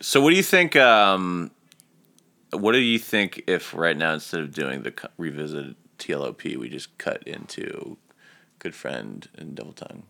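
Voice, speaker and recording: Deep, bright-toned teasing podcast man. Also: animated, normal speed, gravelly. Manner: dry, teasing, blunt with swearing. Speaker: podcast co-host. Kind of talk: casual chat.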